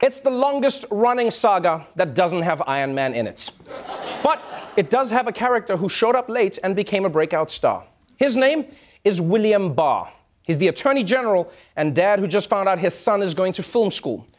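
A South African man hosting a late-night comedy show, delivering an animated, mocking monologue. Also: high voice. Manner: animated, mocking, quick asides. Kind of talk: stand-up monologue.

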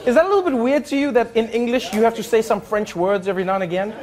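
High-voiced man joking with a crowd. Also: rapid-fire. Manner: animated, laughing, mock French voices. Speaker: comedian host doing crowd work. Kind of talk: stand-up crowd work. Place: stage before a live audience. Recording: live audience laughter, room noise.

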